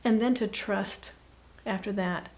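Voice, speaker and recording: A woman guest giving an earnest, reflective faith talk, often dropping to a soft hush. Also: medium pitch, a little slow. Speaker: podcast guest.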